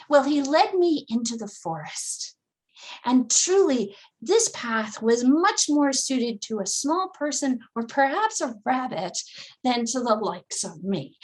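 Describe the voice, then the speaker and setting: Newfoundland lady telling a fairy tale, high voice that swoops all over, takes her time. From Newfoundland, Canada. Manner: expressive, dramatic, with breathy gasps and hushed asides. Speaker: storyteller. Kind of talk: oral storytelling for children.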